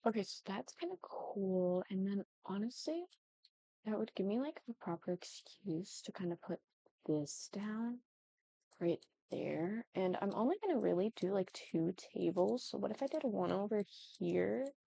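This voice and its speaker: Young female gaming vlogger, chatty and self-apologetic, dark gravelly tone. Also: medium pitch, animated, measured pace, no echo. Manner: chatty, apologetic, thinking aloud. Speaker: Sims building YouTuber. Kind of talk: casual gameplay commentary.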